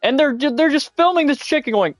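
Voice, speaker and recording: A man livestreaming a game in casual, excitable chat, giggling often and shouting catchphrases. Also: extremely high pitch, brisk, no room sound, faint music behind. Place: at home, mom nearby.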